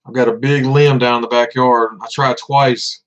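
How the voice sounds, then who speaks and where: A man's voice: medium pitch, flat delivery, normal speed. A man in his thirties from Tennessee with a Southern accent, chatting casually on a livestream, laid-back and often laughing, repeating words as he goes. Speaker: vlogger. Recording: dull lo-fi sound.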